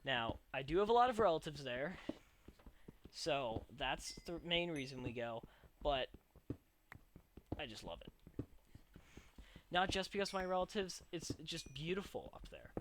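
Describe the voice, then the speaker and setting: A man's voice: fairly high pitch, very animated, measured pace, pauses often. A young man rambling through casual gameplay commentary as a let's play host, with chatty, self-mocking asides. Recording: noisy home recording with clicks.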